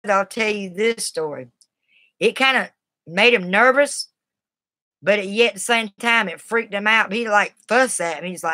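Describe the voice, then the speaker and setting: A woman's voice: medium pitch, bright, forceful tone, dry recording. A woman casually telling a personal story in a blunt, tough, colloquial way. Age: adult, has a daughter. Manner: blunt and tough, Southern-sounding colloquial speech.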